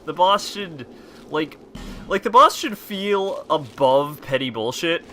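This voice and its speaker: A man's voice: on the high side, animated, slow, bright, forceful tone, faint music behind. A man streaming and chatting casually, rambling with lots of fillers and laughing easily.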